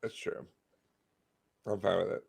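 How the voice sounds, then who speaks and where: A man co-hosting a comedy podcast, answering in a deadpan way with short, curt replies. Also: measured pace. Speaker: podcast co-host. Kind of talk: casual comedic chat.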